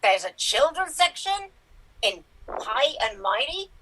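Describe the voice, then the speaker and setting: A woman's voice: high-pitched, very animated, slow, background noise, full character voice. A woman playing a short, pushy male star. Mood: blustering. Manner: blustering, repetitive, demanding. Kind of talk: improv comedy impression. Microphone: video call.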